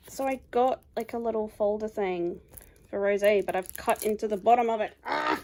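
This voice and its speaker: A woman's voice: a little high, steady tone, normal speed, darkish tone, a little hiss or hum. A young woman chatting casually at home as she unboxes items. Her talk rambles and is full of "like". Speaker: YouTuber. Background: faint crinkling of packaging.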